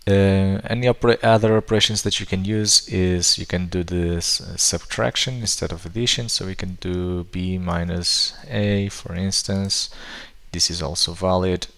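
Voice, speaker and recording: A man with a low, gravelly voice teaches programming in a screen-recorded tutorial. His tone is bright and forceful despite the depth. He thinks aloud, pausing on fillers and restarting words as he types. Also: fairly even intonation.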